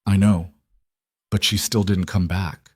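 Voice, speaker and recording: A man voicing a remorseful adult woman who gently tells a child hard news, soft and slow. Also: deep voice, little pitch movement, no room sound, clean studio sound.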